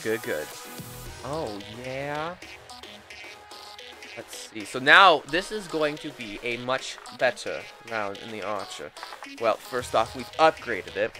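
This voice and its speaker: A man streaming a game, chatting and thinking aloud with sudden excited outbursts. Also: medium pitch. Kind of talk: live gameplay commentary.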